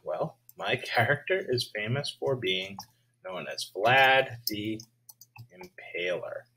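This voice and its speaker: A male teacher giving a lesson video, speaking slowly and checking in with his students. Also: fairly low pitch, bright, forceful tone, husky, rough recording. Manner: slow, checks in with "all right?".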